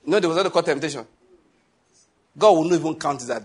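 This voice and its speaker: Husky preacher telling stories. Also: male voice, on the high side, lively intonation, fast. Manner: storytelling preacher, acting out dialogue, laughing at his own stories. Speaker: pastor. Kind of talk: sermon.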